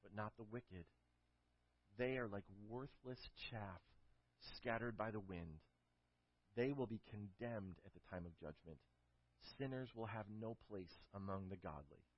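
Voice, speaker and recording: A man's voice: fairly low pitch, measured pace. Man preaching a storytelling sermon. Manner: storytelling with emphatic build-ups, then quiet and prayerful. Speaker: pastor. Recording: dull lo-fi recording.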